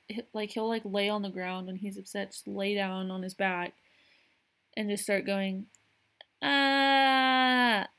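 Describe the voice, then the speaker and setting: A young adult woman hosting a casual solo podcast, rambling with lots of fillers and frequent laughs. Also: mid-range voice. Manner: rambling, frequent "like" and "you know", laughs often. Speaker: podcast host.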